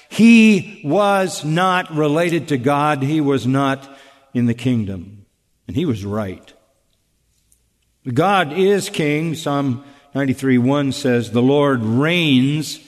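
A man preaching an expository sermon, emphatic and deliberate, asking rhetorical questions and repeating key phrases. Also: fairly high pitch, big-room sound. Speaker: pastor.

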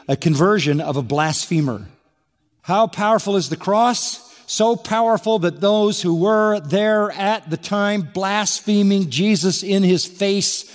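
A man's voice: sits high, darkish tone, in a large hall. A man preaching an expository sermon, emphatic and building to exclamation on key points. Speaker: pastor.

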